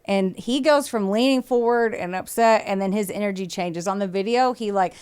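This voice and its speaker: A woman hosts a podcast and walks her co-host through a true-crime story in loose, casual chat. Her voice is smooth and clear at a middle pitch, and she swears freely and slips into little acted quotes as she goes. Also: normal speed, a little mellow. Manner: swears freely, acts out quotes, laughs often.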